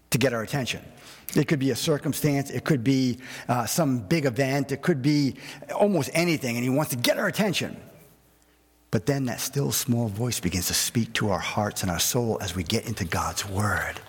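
A man preaching a sermon as pastor, animated and conversational, with personal asides. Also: mid-range voice, husky, in a large hall.

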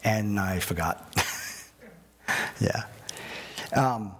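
Husky-voiced man preaching in a reverberant hall. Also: on the low side, slow, long pauses. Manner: animated, conversational with personal asides. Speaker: pastor. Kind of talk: sermon.

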